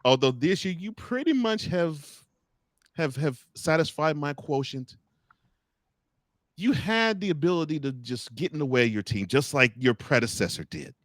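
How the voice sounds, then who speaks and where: A man's voice: medium pitch, no echo. A man hosting a college football talk segment, joking and speaking straight to the coaches and officials he discusses. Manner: animated, joking, talks straight to the people he discusses. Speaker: sports talk host.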